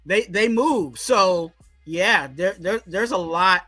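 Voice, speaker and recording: A man's voice: sits high, slow pace, sharp tone, faint music behind, rough recording. A man co-hosting a casual sports talk show, rambling and often saying "you know what I'm saying". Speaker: co-host.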